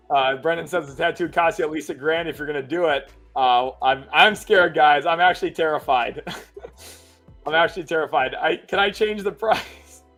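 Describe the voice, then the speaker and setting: A young man hosting a casual sports livestream, laughing nervously as he reads donations out loud. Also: on the high side, normal speed, soft background music. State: nervous, excited. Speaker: livestream host.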